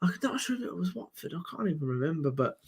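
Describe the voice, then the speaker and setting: A man's voice: fairly high pitch, very animated, vocal fry, husky. A man with a Birmingham accent, co-hosting a football reaction stream in rambling, giggly casual chat. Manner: rambling, giggly, quick to laugh.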